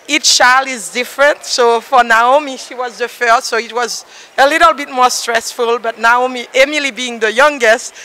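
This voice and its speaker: A woman from Haiti, an athlete's mother, talking effusively and laughing often in an airport interview, her voice hoarse from screaming. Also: a little high, steady tone, normal speed, bright, forceful tone. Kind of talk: excited on-the-spot interview. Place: airport arrivals area.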